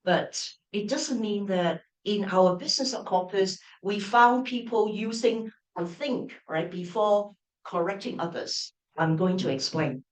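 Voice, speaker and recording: Slow-spoken woman lecturing. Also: mid-range voice, recorded from a distance. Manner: frequent restarts, checks in with "right?" and "all right?". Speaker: university professor giving a lecture. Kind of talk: open-day lecture. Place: lecture room. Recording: echoey lecture room.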